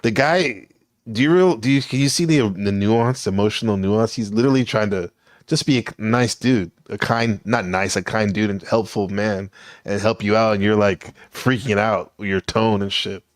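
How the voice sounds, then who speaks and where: Male panel host, lowish and dry, teasing, profane, loose. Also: moderate pace, no room sound. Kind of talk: casual panel show hosting.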